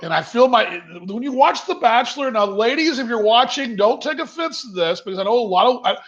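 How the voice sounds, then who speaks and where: Over a dull, lo-fi video call, a man with a very high, fairly bright voice hosts a casual virtual happy hour from his home kitchen. He talks fairly quickly with lively intonation, chatting, rambling, and reading viewers' comments aloud.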